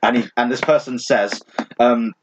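A young man guesting on a podcast, telling stories haltingly with many fillers and casual swearing. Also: medium pitch, dull audio, noisy background.

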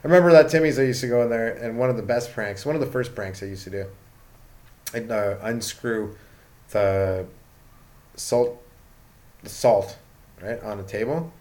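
A man's voice: mid-range voice, moderate pace, pauses often, a little mellow. A young man from Canada, a stand-up comedian, rambling through a casual comedic rant full of swearing and "like" fillers.

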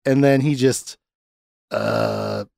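A man's voice: mid-range voice, very slow, gravelly, darkish tone, dry recording. Laughing man, dry close mic. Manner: laughs often, puts on voices when quoting people. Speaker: podcast co-host. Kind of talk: casual chat.

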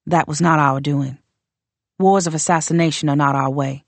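Voicing a proud northern warrior queen for an audiobook, a woman sets out terms in a low, formal tone with fairly even intonation. She comes across as measured, cold, demanding, and coolly contemptuous, recorded close and dry with no room sound.

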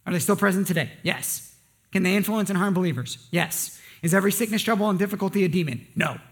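Male pastor with a high voice, casual sermon full of rhetorical questions. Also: fast talker. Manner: conversational, joking asides, rhetorical questions.

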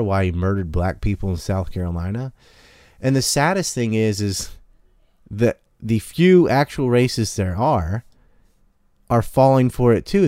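Casting: deep-voiced man, blunt and profane, casual podcast talk. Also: dry recording, studio quality. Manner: blunt, profane, animated storytelling. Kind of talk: casual opinionated chat.

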